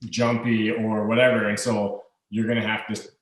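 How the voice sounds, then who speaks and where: Easygoing man, low voice, a bit off-mic. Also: little pitch movement, echoey room, distant mic, poor audio. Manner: easygoing, halting with fillers and restarts. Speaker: hockey player guest. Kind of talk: casual interview chat.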